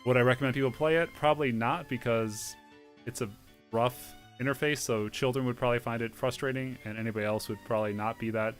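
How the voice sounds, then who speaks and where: A man plays a storybook game and reads its text aloud, then chats casually about it. His voice is mid-pitched, and his delivery halts with fillers and small slips. Faint game music plays behind him. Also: steady tone. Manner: halting, with fillers and small misreadings. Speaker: let's play host.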